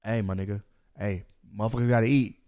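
A young man hosting a casual podcast chat, loud and profane, breaking into high yelling impressions. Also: steady tone, quick pace.

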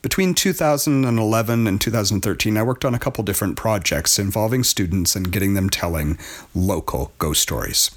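A man hosting a show, introducing recorded stories in a plain, measured way. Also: fairly low pitch, animated. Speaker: radio show host.

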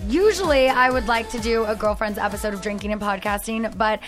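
A woman's voice: mid-range voice, brisk, music in the background. A woman in her thirties hosting a podcast in casual, giggly chat full of "like". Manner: chatty, giggly, lots of "like". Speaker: podcast host.

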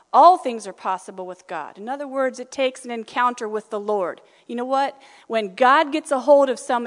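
A woman preaching a sermon in a conversational, animated way, acting out the voices she quotes. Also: fairly high pitch. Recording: reverberant hall.

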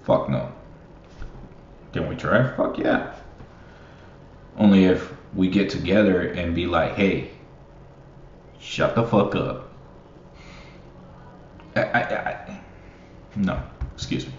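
A young man with a very low voice, talking slowly and swearing freely as he rambles. He laughs often between thoughts. The recording sounds roomy and a little muffled. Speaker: basketball fan. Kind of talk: casual solo commentary. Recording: roomy, muffled, faint hiss.

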